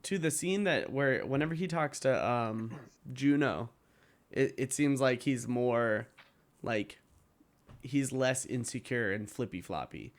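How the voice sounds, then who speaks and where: A man's voice: mid-range voice, lively intonation, measured pace. A man co-hosting a podcast in casual chat, talking loosely with lots of filler words. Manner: loose, rambling, heavy on "like". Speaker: podcast co-host.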